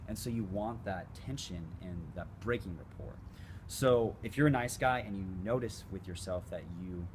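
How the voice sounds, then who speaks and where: Blunt low-voiced male dating coach. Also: normal speed. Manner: blunt, casual, swears freely. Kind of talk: casual direct-to-camera advice. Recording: noticeable background noise.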